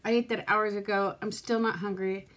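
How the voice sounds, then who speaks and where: A woman's voice: mid-range voice, steady tone, normal speed, a bit bright. A woman vlogging from her home in rambling casual chat to camera, frustrated and close to tears. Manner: frustrated, rambling, self-talk.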